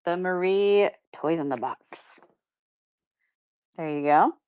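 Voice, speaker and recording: A woman's voice: on the low side, slow pace, a little mellow, clear, resonant tone. A woman hosting a live-stream pin auction, chatting casually and upbeat with viewers and laughing often. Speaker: live shopping seller.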